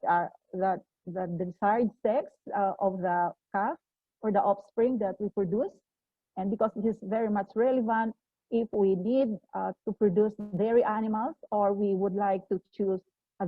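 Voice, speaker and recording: A woman's voice: medium pitch, no echo. A woman giving a formal technical presentation at a meeting, speaking hesitantly with many fillers and restarts. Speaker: conference presenter. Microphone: video call. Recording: tinny phone-like online call audio.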